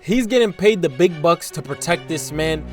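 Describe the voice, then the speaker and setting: A man's voice: a little high, expressive, moderate pace, darkish tone. Incredulous young man, faint music under. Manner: exclaiming and incredulous, repeats himself. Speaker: co-host reacting to streamer clips. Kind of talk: casual reaction commentary.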